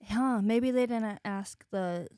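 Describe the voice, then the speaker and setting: A woman's voice: mid-range voice, dark tone, smooth, no echo. A woman with a mid-range voice is co-hosting a podcast, jumping in with short, swearing reactions. Her voice is dry and close to the mic. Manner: quick, profane reactions. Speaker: podcast co-host. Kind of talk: casual chat, reacting to a story. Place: podcast studio.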